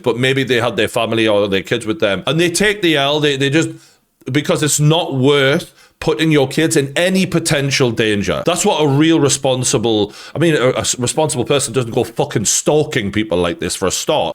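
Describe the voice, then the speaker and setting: A young man with a Geordie accent hosting a reaction commentary, talking in a blunt, sweary and indignant way. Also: medium pitch. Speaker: commentary channel host.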